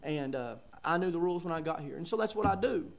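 A man's voice: on the high side, animated, quick pace, gravelly. A middle-aged man preaching a sermon, folksy and emphatic with chuckles and asides.

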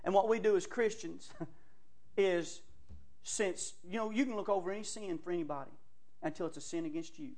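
A man preaching a fiery sermon, swinging from shouts to hushed tones in folksy phrasing. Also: high voice, moderate pace. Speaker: pastor.

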